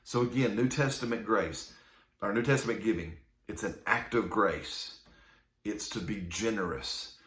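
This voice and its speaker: A man's voice: fairly low pitch, a little slow, a bit bright. Conversational male minister in an echoey room. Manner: conversational, reads scripture aloud, frequent "right?" asides. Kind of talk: casual Bible teaching. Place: indoor room filmed on a camera.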